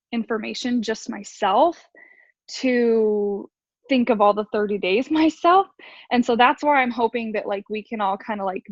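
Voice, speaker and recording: A woman talks quickly on a video call, tumbling through her ideas with plenty of fillers as she shares sales tips with her team. The sound is dull and muffled, with no room around it. Her voice sits at a middling pitch. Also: no echo. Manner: rambling, fast, filler-heavy. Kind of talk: casual video call talk.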